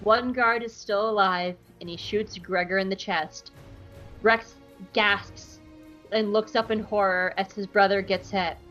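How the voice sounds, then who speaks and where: A woman's voice: mid-range voice, steady tone, a little slow, a bit bright, highs cut off, soft background music. A woman casually recapping a cartoon episode for a podcast, joking around and slipping into silly voices for the characters. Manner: playful, jokey, acts out quotes in silly voices.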